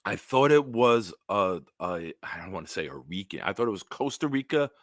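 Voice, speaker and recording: A man hosting a casual solo livestream, telling stories in a rambling, animated way with big swings in loudness. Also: low-pitched, moderate pace, no echo, clean studio sound. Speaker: livestream host.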